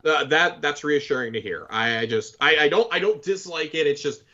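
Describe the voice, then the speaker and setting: A man appearing as a podcast guest, chatting casually in an animated, nitpicking way. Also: a little high, fairly quick, muffled recording. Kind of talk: casual chat.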